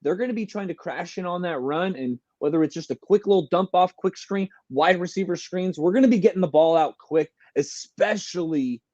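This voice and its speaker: A man hosting a casual sports call-in show, trading slangy, excitable fan banter with a caller. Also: high voice, a little fast, hardly any pauses, no room sound, muffled recording.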